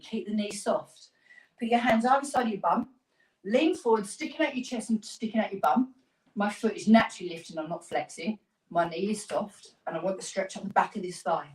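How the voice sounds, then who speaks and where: A woman's voice: mid-range voice, roomy sound, recorded from a distance, rough recording. A woman fitness instructor leading a live workout class, giving upbeat, encouraging cues and counting down the reps.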